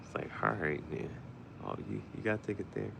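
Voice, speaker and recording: A man's voice: on the low side, fairly quick, creaky, background noise. A man, rambling in a loose, joking monologue and often laughing. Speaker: vlogger.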